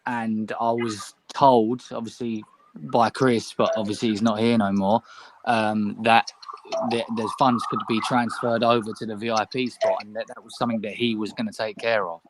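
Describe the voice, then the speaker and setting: A man's voice: on the low side, level tone, normal speed, noisy background. A man in the audience asking a question in a casual, hesitant way.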